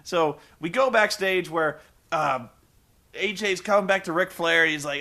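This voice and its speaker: Man, comedy reviewer, sarcastic, swearing, high voice, bright tone. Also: a little slow, creaky. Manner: sarcastic, swearing, animated storytelling. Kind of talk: profane comedic recap.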